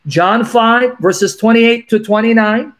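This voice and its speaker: A man hosting a call-in show, emphatically explaining scripture, repeating references and reading verses slowly. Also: very high-pitched, fairly bright tone.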